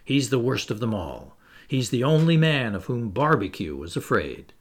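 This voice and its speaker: A man's voice: mid-range voice, big pitch swings, normal speed. A man reading a storybook aloud, voicing an earnest young boy who asks eager, curious questions. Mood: hushed.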